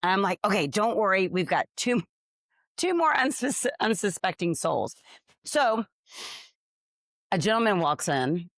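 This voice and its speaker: A woman's voice: medium pitch, expressive, unhurried, long pauses, dry recording, clean studio sound. A woman co-hosting a podcast, telling a story with energy and acting out the other people's lines. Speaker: podcast co-host. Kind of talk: casual storytelling chat.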